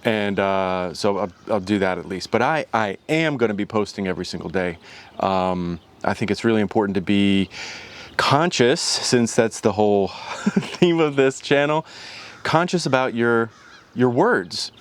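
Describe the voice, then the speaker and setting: On his own vlog, a man talks in a smooth, lowish voice at a normal speed. The tone is relaxed, rambling and thoughtful, with many restarted sentences.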